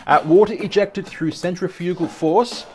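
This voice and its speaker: Man, eager rambling commentary, stumbles over words, slightly high voice. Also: moderate pace, slight background noise. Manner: enthusiastic, rambling, self-correcting. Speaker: video host. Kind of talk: casual commentary.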